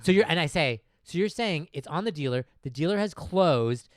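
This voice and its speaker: A man hosting a podcast, telling a comedic story in a casual, animated way and laughing often. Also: a little high, moderate pace, no echo, clean studio sound. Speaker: podcast host.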